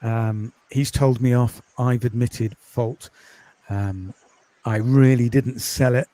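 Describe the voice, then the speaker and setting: A man from the UK, a podcast host and course creator, chatting in a quiet, calming voice with many ums in a casual interview over a video call. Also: mid-range voice, slow pace, no echo. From United Kingdom.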